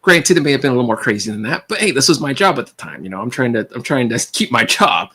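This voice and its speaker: A man hosting a livestream, telling stories casually, animated and acting out voices, often stammering and repeating words. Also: medium pitch, quick pace, husky. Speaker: livestream host.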